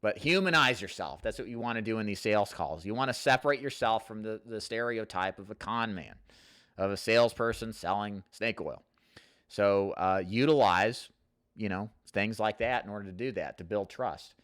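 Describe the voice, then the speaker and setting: Male host, low-pitched, loose conversational coaching on a dry mic. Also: normal speed, fairly bright tone, no echo. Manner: rambling, coaching, reads viewer comments aloud. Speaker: host answering live chat questions. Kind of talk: casual live Q&A.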